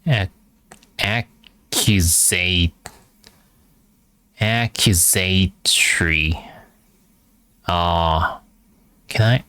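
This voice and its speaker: A man reading aloud for practice, halting and hesitant, repeating words as he sounds them out. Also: deep voice, bright, forceful tone, clear, resonant tone, dry recording. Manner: frequent filler hesitations. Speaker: language learner reading aloud. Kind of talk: reading practice with pronunciation drills.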